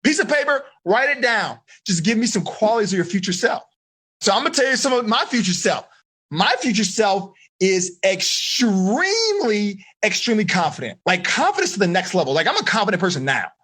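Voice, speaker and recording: Life coach, male, husky, animated delivery; slangy and upbeat with teen students in a live online seminar. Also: high-pitched, fairly quick. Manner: energetic, slangy, talks straight to the kids.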